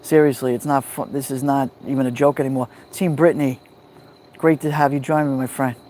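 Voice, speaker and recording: A man with a New York accent hosting a relaxed livestream from a backyard fire pit at night, greeting viewers by name on a phone. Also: medium pitch, brisk, slight background noise. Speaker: livestream host. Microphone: phone held near the fire.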